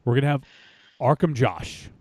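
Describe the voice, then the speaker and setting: A man's voice: mid-range voice, animated, normal speed, darkish tone, dry recording. A man hosting a podcast, chatting casually in an upbeat, rambling way. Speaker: podcast host. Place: home studio.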